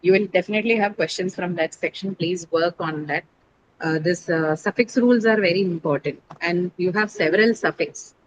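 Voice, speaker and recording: A woman's voice: lowish voice, a little fast, slight background noise, rough recording. A woman teacher lecturing an online English class, explaining step by step and correcting students patiently.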